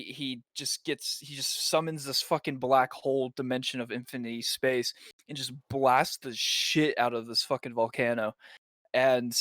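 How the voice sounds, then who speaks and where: Young man excitedly recapping, dry close sound. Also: medium pitch, no room sound. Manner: excitable, profane retelling, voices the characters' lines in passing. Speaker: podcast co-host. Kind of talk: casual anime episode recap.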